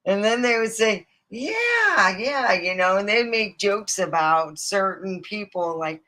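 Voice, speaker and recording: A woman's voice: mid-range voice, fairly even intonation, a little slow, fairly bright tone, rough recording. A woman from Nevada hosting a livestream, rambling casually, digressing, swearing freely and acting out quoted voices. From Nevada, USA. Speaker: livestream host.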